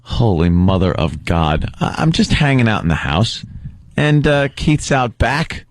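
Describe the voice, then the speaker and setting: A man's voice: lowish voice, big pitch swings, unhurried, dry recording. A man hosting a radio talk show, telling a story in casual banter and acting out other people's lines.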